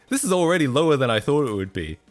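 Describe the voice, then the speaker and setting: A man chatting casually on a livestream, laughing often and breaking into incredulous outbursts. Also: fairly high pitch.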